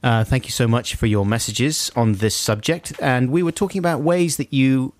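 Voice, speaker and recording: A man's voice: medium pitch, moderate pace, dry recording. A man co-hosting a radio show, chatting and bantering playfully. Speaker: radio co-host. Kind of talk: casual radio chat.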